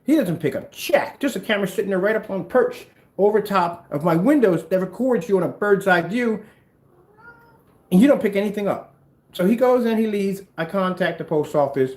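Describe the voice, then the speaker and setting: A man running a small business, chatting casually at home and ranting in an animated way. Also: normal speed. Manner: animated, ranting, talks to his pets in a high voice. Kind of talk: casual vlog chat. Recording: echoey room with faint noise.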